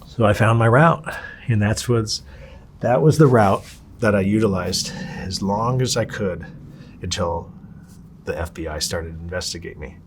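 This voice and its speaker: A man telling his story in a candid interview, profane and animated, acting out the people he quotes. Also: fairly low pitch, measured pace, background noise.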